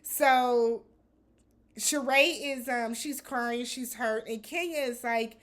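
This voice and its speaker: A woman hosting a casual reality TV recap, talking in a blunt, animated way with some swearing. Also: a little high, slow.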